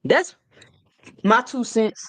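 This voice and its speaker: A woman in her thirties giving a casual, slangy opinion monologue on boxing, animated and sassy, often repeating herself. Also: a little high, slow pace, no room sound. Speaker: boxing commentary vlogger.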